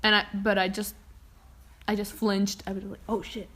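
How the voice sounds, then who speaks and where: A young woman co-hosting a casual podcast, pitched right in the middle. She rambles as she reads out a ghost story, dropping swear words and laughing along the way. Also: completely flat delivery, moderate pace, a bit bright. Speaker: podcast co-host. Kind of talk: casual chat, reading a ghost story aloud.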